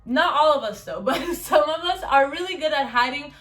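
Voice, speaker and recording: A woman's voice: sits high, animated, moderate pace, a bit bright. A young woman vlogger chatting casually to her viewers, often saying "you guys" and "okay". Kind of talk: casual talk to camera.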